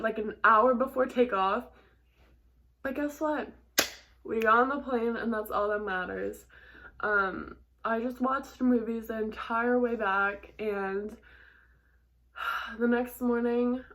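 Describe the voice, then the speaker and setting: A young woman vlogger telling a stressful travel story in a chatty, animated way, full of "like" and quick laughs. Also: medium pitch. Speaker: model and vlogger. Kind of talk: casual storytelling to camera.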